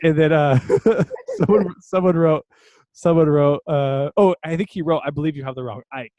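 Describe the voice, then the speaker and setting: A man's voice: on the high side, normal speed, dark tone, no echo, lo-fi sound. A man co-hosting a podcast, telling a story in a loose, laughing way with lots of fillers. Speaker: podcast co-host. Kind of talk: casual chat.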